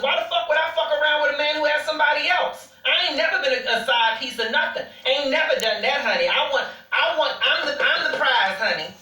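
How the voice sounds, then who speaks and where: Brief: woman host, sassy casual storyteller, bright forceful voice, roomy off-mic recording. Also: high voice, distant mic. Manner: sassy, calls listeners honey, swears freely.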